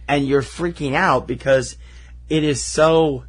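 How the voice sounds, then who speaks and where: Male podcast co-host, husky tone, wry and rambling, casual chat. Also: on the high side, fairly even intonation, takes it slowly. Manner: wry, teasing, rambling with fillers.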